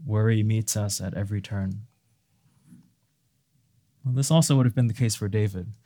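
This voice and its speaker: A man's voice: fairly low pitch, moderate pace, gravelly, pauses often, mellow. Earnest male preacher delivering a sermon. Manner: earnest, rising to fervent emphasis on key phrases.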